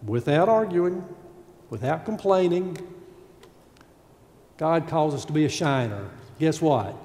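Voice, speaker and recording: High-voiced preacher in a reverberant sanctuary. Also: male voice, slow. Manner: animated preaching, acting out grumbling voices. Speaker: pastor. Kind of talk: sermon.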